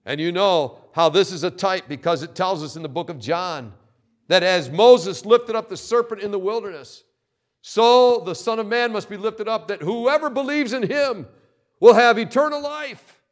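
A male pastor delivering a sermon in a storytelling manner, his voice sitting somewhat high for a man. He talks in an animated way, stacking repeated words and phrases for emphasis. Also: moderate pace.

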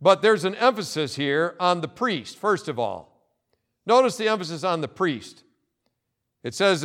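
A male pastor preaching a sermon, emphatic and insistent, repeating key phrases and pausing for effect. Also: sits high, a bit bright.

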